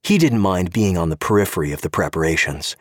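A man reads a scripted audio drama with wry, expressive storytelling on a close studio microphone. His voice is low and husky, with lively swings in pitch, and the recording is dry and close. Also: a little fast, dry recording. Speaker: narrator.

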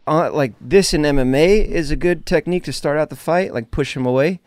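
A man talking casually as a podcast guest, telling animated stories and swearing freely. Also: a little high, brisk, no room sound. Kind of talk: casual chat.

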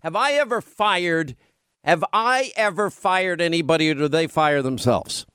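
A man's voice: a little high, expressive, unhurried, a bit bright, clean tone, dry recording, clean studio sound. A man hosting a talk show, bantering with his co-hosts in a playfully defensive way. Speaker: radio talk show host.

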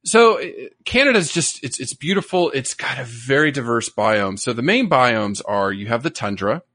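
A man's voice: mid-range voice, sing-song, moderate pace, fairly bright tone, no echo. A man co-hosting a podcast in casual chat, enthusiastic and nerdy, rambling a bit as he explains things. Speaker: podcast co-host.

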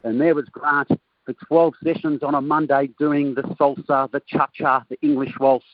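A man's voice: medium pitch, flat delivery, normal speed, narrow, tinny audio, noisy background. A man, a guest calling in by phone and telling jokey stories in a casual chat. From Australia. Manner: jokey storytelling. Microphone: phone line.

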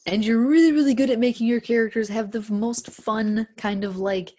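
A woman's voice: a little high, steady tone, moderate pace, warm tone. A woman talking as a guest in a casual chat about role-playing, speaking in a thoughtful, friendly way and laughing easily.

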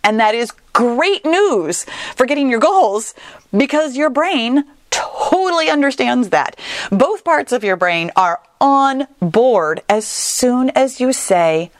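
Animated woman podcaster, dry close sound. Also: on the high side, takes it slowly, dry recording. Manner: conversational, animated, with playful asides. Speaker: podcast host. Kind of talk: solo podcast talk.

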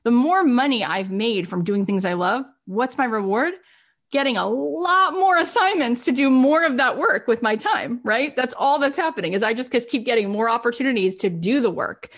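A woman's voice: a little high, expressive, normal speed. A woman coaching a guest in casual motivational talk, emphatic and full of "right?" and "like".

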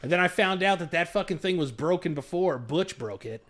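A man's voice: sits high, animated, fairly quick, a bit bright. A young man co-hosting a podcast, blunt and profane, who chimes in with short remarks. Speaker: podcast co-host. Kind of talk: casual chat.

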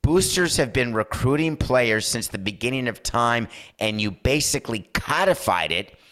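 A man's voice: mid-range voice, measured pace. A man in his fifties hosting a sports talk show, delivering an opinionated, sarcastic monologue. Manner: animated, sarcastic, slips into mock voices.

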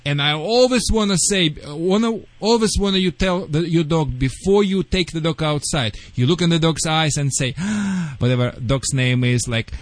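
A man's voice: high-pitched, moderate pace, hardly any pauses, fairly bright tone, dry recording. A man who is not a native speaker of English, a dog trainer giving radio call-in advice in broken English, laying out emphatic step-by-step instructions.

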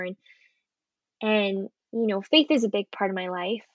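A young woman, an actress, chatting in an interview and telling an earnest, animated story. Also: medium pitch, a little slow, no echo, lo-fi sound. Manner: earnest, animated storytelling with acted quotes and laughs. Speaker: actress guest. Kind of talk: casual interview chat.

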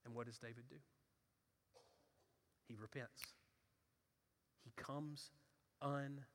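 A man's voice: mid-range voice, steady tone, takes it slowly, a bit bright, a little hiss or hum. A man preaching a sermon, telling the story with acted-out voices and building to fervent intensity. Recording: reverberant hall.

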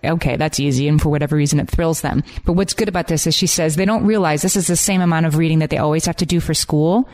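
Low-voiced woman reading listener stories. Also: darkish tone. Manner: upbeat, chatty reader of listener stories. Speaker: podcast co-host. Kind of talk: casual chat, reading listener messages.

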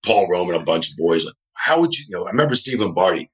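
A middle-aged man from New Jersey, a guest telling animated, rambling stories in a casual interview. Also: low voice, rapid-fire, low-quality recording. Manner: rambling, animated, acts out quoted dialogue.

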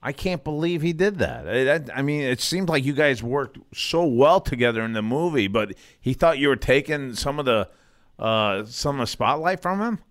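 A male podcast host in a casual interview chat, easygoing and quick to react with exclamations. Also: medium pitch, expressive, dry recording, clean studio sound.

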